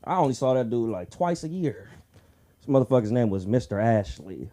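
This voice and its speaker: A man doing a crude stand-up set at an open mic, acting out characters in shrill voices. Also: sing-song, a little fast, warm tone. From Southern California. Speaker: stand-up comedian. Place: comedy club stage.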